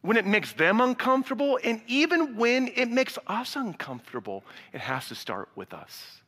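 A man preaching a sermon to a live congregation, animated, acting out dialogue and swinging from loud to hushed. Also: extremely high pitch, moderate pace. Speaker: pastor. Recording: reverberant hall sound.

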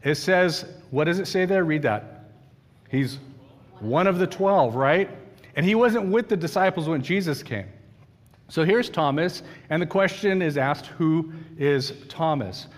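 This preacher's high, animated voice moves a little slowly, trailing a long reverb. He delivers his sermon like a conversation, questioning the congregation and dramatizing each quotation he reads aloud.

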